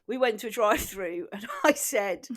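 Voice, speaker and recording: A woman's voice: mid-range voice, moderate pace. A woman from Britain co-hosting a comedy podcast, chatting casually and acting out the exchanges in her stories. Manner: animated storyteller who acts out overheard exchanges. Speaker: podcast co-host.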